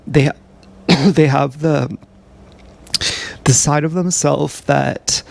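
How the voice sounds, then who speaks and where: A man with a mid-range, gravelly, somewhat dark voice vlogs casually on a live stream from a GoPro, outdoors or on the move. His rambling monologue is meandering and self-deprecating, full of hesitations, picked up by the action camera's mic.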